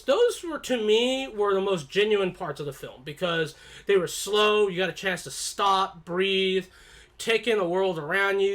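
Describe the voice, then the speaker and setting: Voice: medium pitch, a bit bright. Rambling, chatty film reviewer. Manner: rambling, with many restarts and repeated words; candid, offhand and chatty. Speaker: movie reviewer. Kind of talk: casual spoken film review.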